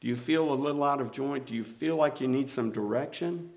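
A man preaching a sermon, emphatic, repeating key words and swinging between loud declarations and quiet asides. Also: medium pitch, fairly quick. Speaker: pastor.

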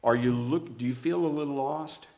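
A man preaching a sermon, emphatic, repeating key words and swinging between loud declarations and quiet asides. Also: medium pitch, normal speed. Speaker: pastor.

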